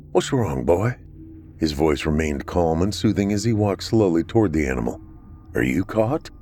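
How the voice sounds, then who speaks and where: Deep-voiced man narrating a dark story. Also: slight background noise. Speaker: podcast narrator. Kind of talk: scripted horror story narration.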